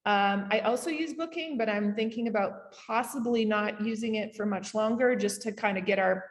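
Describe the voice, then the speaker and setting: A woman with a Canadian accent gives a casual summit talk over a video call, with quick asides and lots of fillers. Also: medium pitch, big-room sound. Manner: chatty, rapid asides, frequent fillers. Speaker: summit speaker on short-term rentals. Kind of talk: casual presentation.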